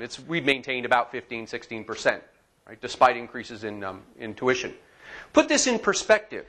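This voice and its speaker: A man in his forties giving a classroom lecture in a lecture hall, lively and asking his audience questions. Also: mid-range voice.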